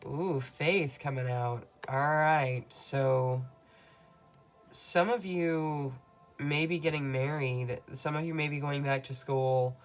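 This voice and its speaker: A woman's voice: deep voice, steady tone, slow, soft background music. A woman reading tarot cards for her viewers in a soothing, affirming way. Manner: soothing, affirming, speaks to viewers as "beautiful souls". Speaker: tarot reader.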